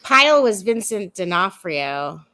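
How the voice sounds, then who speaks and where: A woman's voice: medium pitch, very animated, a little slow, sharp tone. A woman speaking in a middle-range voice in a casual panel conversation. She chains trivia together in long run-on sentences. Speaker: panel guest. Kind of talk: casual chat.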